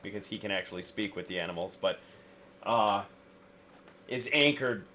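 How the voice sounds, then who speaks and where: A man narrating as game master in a tabletop game, speaking in halting, casual sentences with fillers. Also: lowish voice, bright, forceful tone, a little hiss or hum.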